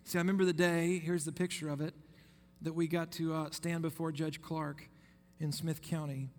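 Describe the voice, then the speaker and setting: A man, preaching a sermon and telling a personal story between scripture quotes. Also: on the high side. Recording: long reverb of a hall.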